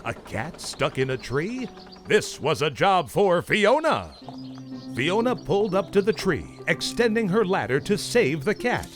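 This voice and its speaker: A man narrating a children's storybook in an animated, expressive way. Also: high voice, unhurried. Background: music.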